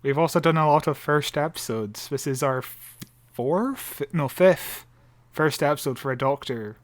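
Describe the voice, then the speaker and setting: A man's voice: fairly high pitch, moderate pace, dry recording. A man co-hosting a casual podcast, dry and teasing. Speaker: podcast co-host.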